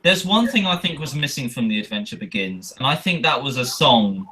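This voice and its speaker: A man joking excitably with friends on a casual live stream. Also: medium pitch, fairly quick, a little hiss or hum.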